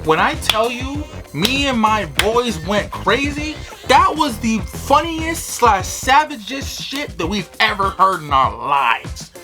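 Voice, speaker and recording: Animated young man telling a profane story. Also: high-pitched, slow, few pauses, over loud music, over a noisy crowd. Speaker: vlogger. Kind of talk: storytime vlog.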